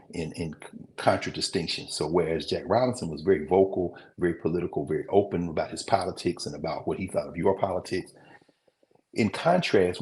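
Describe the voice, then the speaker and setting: A man teaching a class in a loose, conversational way, wandering off on asides and pausing to recall details. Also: sits low, a little mellow. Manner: conversational, digressive, with mid-sentence recall pauses. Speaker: teacher hosting a class show. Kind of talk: lecture, talking to viewers.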